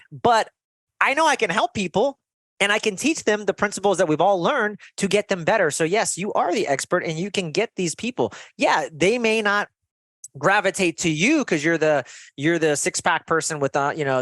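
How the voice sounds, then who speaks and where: A man's voice: high-pitched, no echo. A man guest on a podcast, talking in an earnest, motivational way and telling stories from his coaching work. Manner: earnest, motivational, animated storytelling. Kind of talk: conversational interview.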